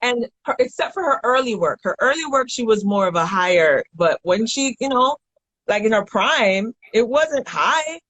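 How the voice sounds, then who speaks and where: A woman's voice: on the high side, animated, normal speed, fairly bright tone, rough recording. A chatty woman voice teacher in a casual panel talk, often affirming the others. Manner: chatty, affirming with frequent mm-hmms.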